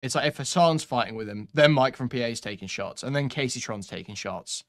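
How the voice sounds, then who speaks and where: A man's voice: mid-range voice, fairly quick, fairly bright tone. Sarcastic, foul-mouthed male streamer. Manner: sarcastic, mocking, swears often. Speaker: commentary streamer reacting to clips. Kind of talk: profane sarcastic stream commentary.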